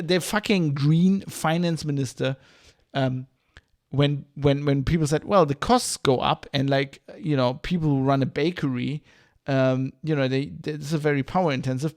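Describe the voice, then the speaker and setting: A man's voice: a little high, a little mellow. A man hosting a podcast livestream, ranting in a heated, profane, rambling way. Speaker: podcast host.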